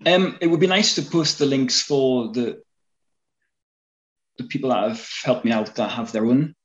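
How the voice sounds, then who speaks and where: A man's voice: mid-range voice, moderate pace. A man with a North East English accent, rambling casually as an interview guest, with many ums and restarts. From North East England. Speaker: interview guest, fan film actor. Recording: dull lo-fi sound.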